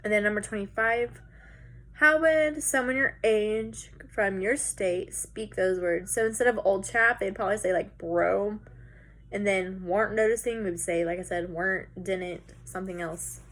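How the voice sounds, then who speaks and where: A woman teacher talks students through a recorded lesson. She keeps it casual and chatty, with some filler words. Her voice sits at an average pitch. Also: steady tone, measured pace, fairly bright tone.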